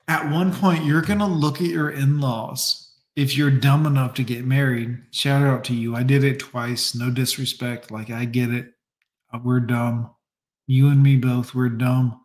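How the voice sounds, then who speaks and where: A man's voice: medium pitch, echoey room. A man delivering a profane, emphatic rant in a casual monologue. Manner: profane, ranting, slow and emphatic.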